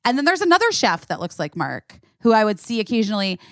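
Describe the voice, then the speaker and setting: Animated woman podcast host, dry sound. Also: medium pitch, fast, no room sound. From Los Angeles, USA. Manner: animated storyteller. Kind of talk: casual chat.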